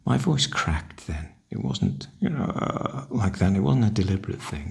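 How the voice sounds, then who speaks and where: An older man, softly half-whispering a wry, chatty ASMR ramble. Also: sits low, lively intonation, measured pace, vocal fry, slightly rough. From northern UK. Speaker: ASMR host.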